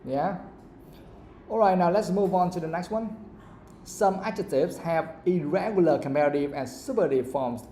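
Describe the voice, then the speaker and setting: A male teacher explains English grammar to a live class. His voice sits a bit high and sounds mellow. The room is echoey, with faint background noise. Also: moderate pace. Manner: checks understanding with repeated questions.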